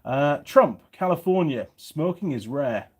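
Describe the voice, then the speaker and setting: A man's voice: on the high side, animated, a little slow, slightly rough. A middle-aged man from England with a slightly faded Yorkshire accent, chatting casually on a livestream and reading viewer comments aloud. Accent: Yorkshire English, partly faded. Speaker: YouTube mechanic channel host.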